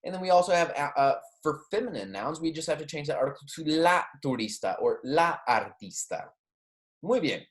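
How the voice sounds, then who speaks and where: Patient man teaching a recorded lecture. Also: a little high. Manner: patient, repeats words for students to echo, says okay often. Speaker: Spanish teacher.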